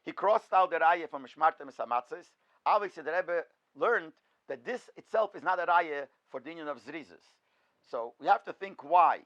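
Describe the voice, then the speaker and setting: Male rabbi, high-pitched, lecture style, asks and answers his own questions, muffled lo-fi audio. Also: expressive, moderate pace, fairly bright tone. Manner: poses questions and answers them himself. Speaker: rabbi teaching a class. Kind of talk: in-depth Torah lecture.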